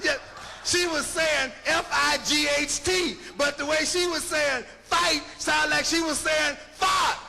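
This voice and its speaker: High, bright, gravelly male lecturer. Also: steady tone, takes it slowly, soft background music, a faint crowd. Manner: punchy, rhetorical, asks listeners to follow along. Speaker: linguistics lecturer. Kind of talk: emphatic lecture to an audience. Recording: long hall reverb.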